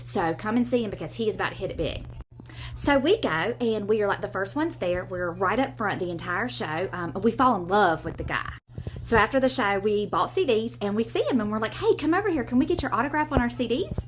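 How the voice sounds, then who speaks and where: A woman's voice: mid-range voice, lively intonation, fairly quick, slight background noise. A woman in her forties telling a story in a chatty way, with a long-held grudge. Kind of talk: casual storytelling.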